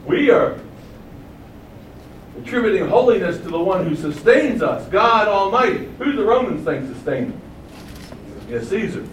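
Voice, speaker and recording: A man preaching a sermon, asking rhetorical questions and booming out quoted acclamations. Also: very animated, moderate pace, roomy sound, far from the mic, a little hiss or hum, low-quality recording.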